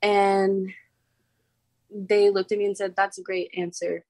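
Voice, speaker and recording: A bubbly teenage woman from Oklahoma chats in a giggly, rambling way, her sentences packed with "like" fillers. Her voice sits at an ordinary middle pitch. The sound is dry and close, with no room around it. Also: little pitch movement, a little slow, darkish tone, no echo. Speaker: former contestant, guest. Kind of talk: casual interview chat.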